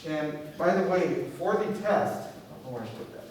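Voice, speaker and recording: A man's voice: on the high side, expressive, moderate pace, darkish tone. A man teaching a music theory class, lecturing and often checking in with his students with questions. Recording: echoey classroom from far off, faint noise.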